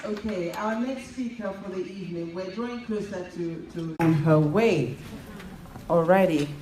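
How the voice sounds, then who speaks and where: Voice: mid-range voice, unhurried, recorded from a distance. Event host, introducing speakers, echoey hall, heavy background noise. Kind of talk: event announcement. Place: event hall with a live audience. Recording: echoey hall from afar, crowd and loud noise.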